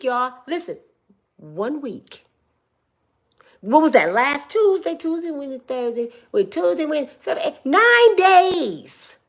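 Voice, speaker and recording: Woman ranting, high voice, very animated pitch, emphatic and preachy, tearful edge. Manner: emphatic, preachy, repeats words for stress. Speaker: commentary vlogger. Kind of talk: impassioned commentary monologue.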